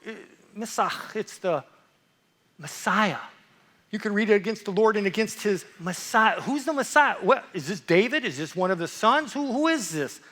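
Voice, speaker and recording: A man preaching a lively sermon, playful and animated, swinging from loud excitement to hushed asides. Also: high-pitched, long reverb tail.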